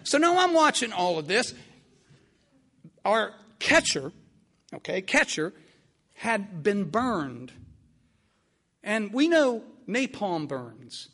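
An older man telling a vivid personal story in an animated, repetitive way. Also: high voice, slow, long pauses. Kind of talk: spoken storytelling.

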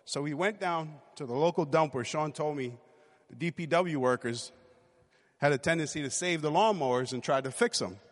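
Animated man telling a story in a hall. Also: fairly high pitch, moderate pace. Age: 40s. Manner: lively, animated retelling with acted-out quotes. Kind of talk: personal storytelling.

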